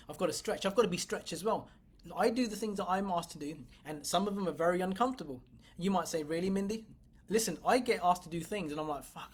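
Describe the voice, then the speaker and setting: Her voice is lowish and husky. She's a business coach giving a motivational livestream talk, speaking directly to viewers in a blunt, emphatic manner and swearing freely.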